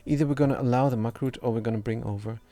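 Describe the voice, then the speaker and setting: Faint music sits under a young man's rapid-fire, dark-toned voice, medium in pitch with fairly even intonation. A non-native English speaker, this gaming streamer gives casual commentary as he plays, rambling, belittling himself, and stumbling and restarting his words.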